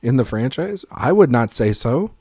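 This is a man co-hosting a laid-back movie podcast in a dry, close room. His voice sits at an ordinary middle pitch. He rambles from tangent to tangent, drops swear words casually and laughs his way through his own jokes. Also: sing-song, moderate pace, darkish tone, slightly rough, no echo. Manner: rambling, jokey, swears freely, laughs mid-sentence. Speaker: podcast co-host. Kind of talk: casual film podcast chat.

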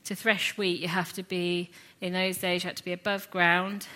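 A woman teaching a sermon series, retelling a scripture story in an earnest, reflective way with lively asides. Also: fairly low pitch, moderate pace. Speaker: Bible teacher.

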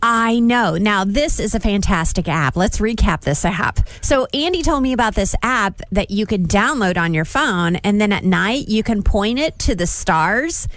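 A woman's voice: medium pitch, expressive, normal speed, few pauses, no room sound. A woman co-hosting a morning radio show, giggling and teasing her partner. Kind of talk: casual radio banter. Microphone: studio microphone.

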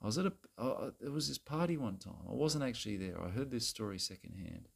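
A man speaks at a medium pitch with lively intonation and a slightly fast pace, his voice creaky with a breathy edge. In a satirical comedy monologue to camera, he plays a crude, self-righteous Australian bloke delivering a preachy, rambling, repetitive rant at women, constantly saying "mate" and "bloody."

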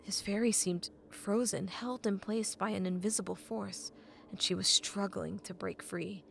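Gravelly-voiced woman narrating a novel. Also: mid-range voice, fairly even intonation, a little hiss or hum. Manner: measured, often dropping to a hushed half-whisper. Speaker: audiobook narrator.

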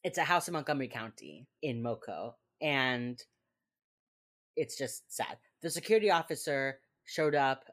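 A young woman with a deep voice hosts a casual podcast. She recaps a show in loose, filler-heavy chat and breaks into laughter as she quotes the characters. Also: very animated, normal speed. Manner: chatty, lots of fillers, acts out quotes with laughs. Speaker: podcast co-host recapping a TV episode.

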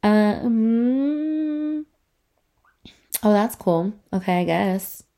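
Speaking very slowly in a slightly high, dark-toned, expressive voice, a woman of about thirty hosts her own casual podcast. She's stuffed-up and mouth-breathing, and her talk is rambling, profane, and chatty.

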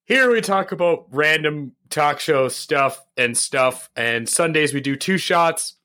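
Bright-voiced joking male podcast host. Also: fairly high pitch, lively intonation. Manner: joking, quick to laugh, playfully bossy. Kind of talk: casual chat.

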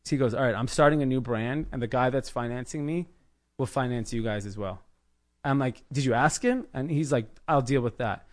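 Animated storytelling man in his thirties. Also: mid-range voice, a little fast. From United States, Los Angeles area. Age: 30s. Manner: animated storyteller acting out quoted people. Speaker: podcast guest, clothing brand founder. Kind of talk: casual interview storytelling.

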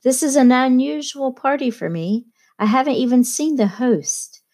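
A woman's voice: sits high, normal speed, dark tone, pitched above the performer's own voice. A woman reader voicing a young man who speaks eagerly and asks questions in an audiobook. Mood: curious. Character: young man, curious newcomer at a party.

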